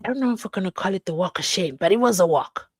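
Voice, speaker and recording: Animated woman hosting a stream. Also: mid-range voice, fast, no echo. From South Africa. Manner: animated, reading viewer comments aloud. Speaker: live-stream host. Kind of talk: casual live-stream chat.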